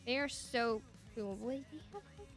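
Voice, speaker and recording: A woman's voice: high-pitched, big pitch swings, moderate pace, faint music behind. A young woman with a Spanish accent, a native Spanish speaker, chatting casually and enthusiastically with her stream viewers. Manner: enthusiastic, rambling.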